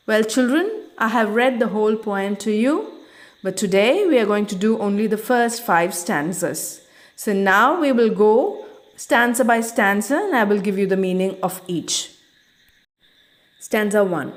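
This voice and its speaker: A woman teacher reading a poem aloud to children and explaining it stanza by stanza in a measured classroom manner. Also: mid-range voice, animated.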